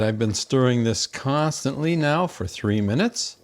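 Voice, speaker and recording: A man's voice: medium pitch, expressive, a little slow. A man hosting a home cooking show from his kitchen, gushing over the food and talking to viewers as folks.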